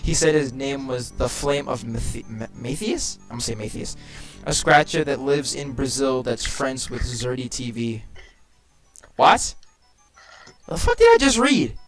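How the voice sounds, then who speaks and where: A man's voice: medium pitch, fairly even intonation, a little slow, fairly bright tone, soft background music. A young man reading a creepypasta aloud with friends, mocking it sarcastically and cracking crude jokes.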